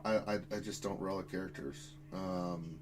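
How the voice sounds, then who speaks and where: A man's voice: low-pitched, fairly even intonation, moderate pace, soft background music, poor audio. A man hosting a casual gaming stream, rambling and swearing with playful exasperation. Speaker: stream host.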